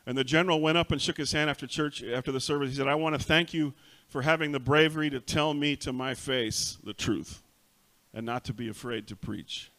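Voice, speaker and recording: A middle-aged pastor preaching a sermon in a church, switching languages and telling stories with animated acted-out voices. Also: mid-range voice, fairly quick. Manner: animated storytelling, acts out voices. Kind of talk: bilingual sermon, self-translating. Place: church sanctuary.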